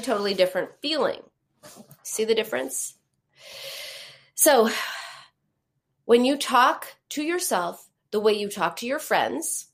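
Woman giving a reassuring live-stream talk. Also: on the high side. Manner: conversational, reassuring, with fillers and repetitions. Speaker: support group leader on emotional eating. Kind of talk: live-streamed talk answering viewer comments.

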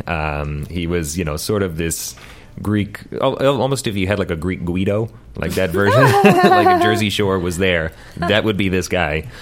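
A young man, a guest impressionist, chatting casually in an interview, hesitant with many fillers and frequent laughs. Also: low-pitched.

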